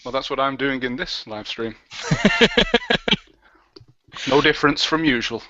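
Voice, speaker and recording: A man's voice: mid-range voice, measured pace, bright, forceful tone, no echo. A man as a guest on a casual online interview, playful and mock-formal, laughing as he talks. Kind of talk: casual chat. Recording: dull, dry lo-fi audio.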